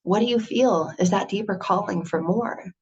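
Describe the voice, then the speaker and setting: An earnest woman delivers a motivational talk in a mid-pitched voice, firing off rhetorical questions with lively energy. The recording sounds a little dull and lo-fi. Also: moderate pace, husky. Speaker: motivational speaker.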